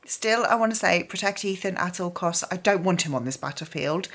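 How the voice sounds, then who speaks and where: A woman's voice: lowish voice, animated, brisk, few pauses, fairly bright tone, slightly rough. A woman talking casually as a book vlogger, gushing and chatty with lots of fillers. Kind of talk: casual reading vlog.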